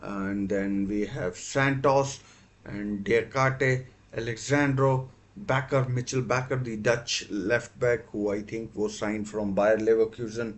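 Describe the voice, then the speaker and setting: A man's voice: fairly low pitch, fairly even intonation, slow. A man hosting a live football watchalong stream, talking casually with many fillers and self-corrections.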